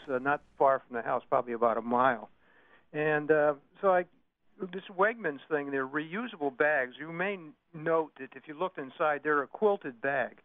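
A man calling in to a radio show, halting and full of uhs, indignant about his grievance. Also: on the high side, no room sound. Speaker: caller. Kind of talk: phone-in call. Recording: tinny, dry phone line.

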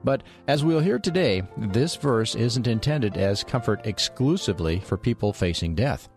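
Low-voiced male radio program host. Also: lively intonation, moderate pace, a little mellow, faint music behind. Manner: light humorous asides. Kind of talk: scripted radio introduction.

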